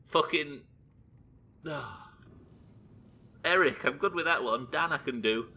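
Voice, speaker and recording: A man's voice: fairly high pitch, unhurried, pauses often, sharp tone. A young man streaming a video game live, swearing freely and chatting with viewers as he plays. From Britain. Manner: sweary, chatty, reading chat aloud. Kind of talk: live gameplay commentary.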